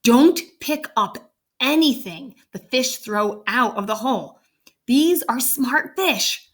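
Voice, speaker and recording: A woman voicing an earnest, cautious father in a read-aloud storybook, drawing out his warnings slowly. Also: fairly high pitch, lively intonation, fairly bright tone, voice pushed up, heavily acted. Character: cautious fisherman dad, earnest and fussy.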